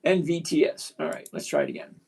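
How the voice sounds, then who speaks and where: A man in his sixties hosting a live stock-trading chat, blunt and emphatic, repeating key points slowly. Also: fairly high pitch, fairly even intonation, vocal fry, a little mellow. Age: 60s. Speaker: livestream host.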